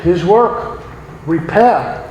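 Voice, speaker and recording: A man's voice: high voice, lively intonation, extremely slow, darkish tone, dull audio. A man speaking at a recovery meeting in an earnest, sermon-like way, full of rhetorical questions. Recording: echoey hall, faint background noise.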